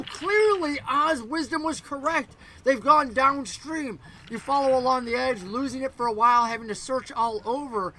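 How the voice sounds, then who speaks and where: A man narrating a tabletop game as game master in a rambling, animated way. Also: very high voice, slight background noise, poor audio.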